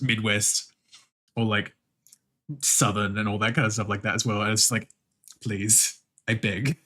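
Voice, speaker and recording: Laid-back Australian man, lively pitch. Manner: laid-back, swears freely, laughs often. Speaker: art streamer. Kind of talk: casual chat with viewers while drawing.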